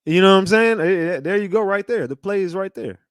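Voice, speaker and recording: A man hosting a livestream in a slangy, conspiratorial ramble that keeps doubling back on itself. His voice sits a little high for a man. The sound is dry and close, with no room around it. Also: lively intonation, fairly quick, dry recording. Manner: slangy and conspiratorial, repeats himself, talks to chat. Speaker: livestream host. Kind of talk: casual livestream commentary.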